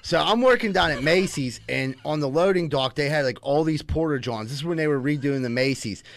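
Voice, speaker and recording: A young man telling crude stories in a casual chat, rambling and animated, full of filler words. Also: fairly high pitch, fairly quick.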